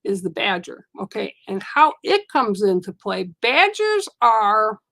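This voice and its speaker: Female card reader with a fry-edged voice, soothing and meandering, dry close sound. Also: mid-range voice, very animated, measured pace, no echo. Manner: gentle, reassuring, rambling. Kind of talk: live oracle card reading.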